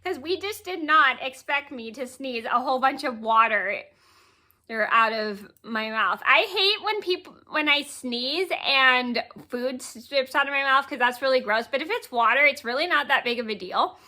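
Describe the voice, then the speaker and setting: Late-20s woman vlogger, high bright voice, rambling casual story, frequent self-corrections and giggles. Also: animated, normal speed. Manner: rambling, repeats words and corrects herself; giggles while telling the story.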